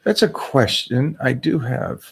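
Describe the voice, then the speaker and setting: A man in his sixties hosts a casual chat, speaking at a medium pitch. He rambles emphatically, often repeating himself and restarting sentences. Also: animated, unhurried, vocal fry, breathy edge. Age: 60s. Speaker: show host.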